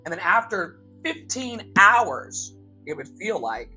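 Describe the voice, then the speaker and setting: Man preaching slow, repeated motivational points. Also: high-pitched, big pitch swings, pushed and bright, husky, faint music behind, poor audio. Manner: emphatic, slow repetitions for effect; calls listeners "beloved". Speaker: life coach and show host. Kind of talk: motivational live talk.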